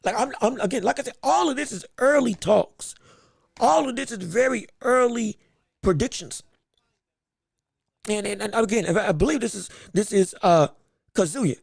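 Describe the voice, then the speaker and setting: A man hosting a boxing podcast livestream, talking casually and excitably, rambling and repeating words as he reads chat. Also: moderate pace, pauses often, no echo, clean studio sound. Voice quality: high, gravelly voice.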